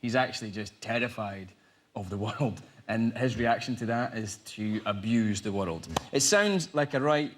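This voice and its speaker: A Scottish man in his thirties, a guest actor on a chat show, talking in a relaxed, jokey way. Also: on the low side, moderate pace, noisy background. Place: TV studio with live audience.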